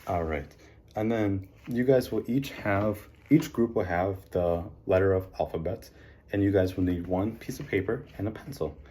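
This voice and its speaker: A man teaching a phonics lesson, encouraging the class and slowly sounding out letters, with frequent ums and likes. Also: low-pitched, mellow. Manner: frequent fillers like um and like.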